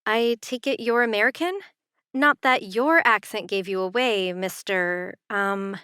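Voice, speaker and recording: A woman reading the part of a young woman who works a tour booth, with quick, slightly breathless replies. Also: mid-range voice, sharp tone, smooth, no echo, clean studio sound. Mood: teasing. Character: young Canadian woman working a tour booth, flustered yet teasing.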